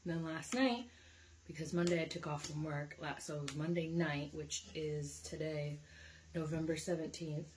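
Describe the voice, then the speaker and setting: A woman's voice: low-pitched, moderate pace, a little mellow, a little hiss or hum. A young woman vlogging casually, chatty and candid and swearing freely as she tells a story.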